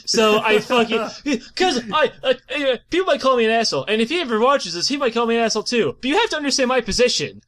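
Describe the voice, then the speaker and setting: A man with a high voice rants to his co-host, swearing freely and breaking into laughter. His pitch leaps all over the place as he tells his story in a loose, casual podcast chat. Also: fast, hardly any pauses. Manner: animated profane ranting with frequent laughs.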